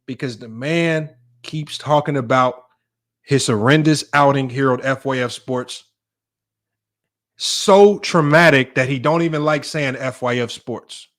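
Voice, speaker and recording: A young man hosts a sports debate livestream, riffing and joking casually while speaking straight to his viewers. He has a mid-range, fairly bright voice and an unhurried pace.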